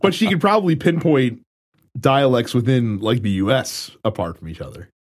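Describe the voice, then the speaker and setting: A man's voice: medium pitch, expressive, moderate pace. A man co-hosting a casual gaming podcast, laughing often in loose banter. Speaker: podcast co-host.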